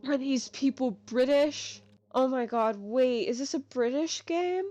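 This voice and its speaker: A woman's voice: sits high, sing-song, moderate pace, mellow, no room sound. A young woman giving casual, rambling game commentary, full of fillers, with game music behind. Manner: chatty, filler-heavy, rambling. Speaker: gaming youtuber.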